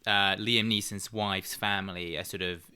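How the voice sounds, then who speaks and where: A man's voice: fairly low pitch, steady tone, moderate pace, pushed and bright. A man with an English accent co-hosting a film podcast with wry, casual remarks. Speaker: podcast co-host. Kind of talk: casual film-review chat.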